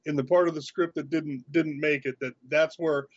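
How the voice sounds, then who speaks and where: A man's voice: on the high side, normal speed, slightly rough, dry recording. A man appearing as a podcast guest, talking casually about movies and stories with frequent restarts. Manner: relaxed, with repeated restarts. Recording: dry, dull audio.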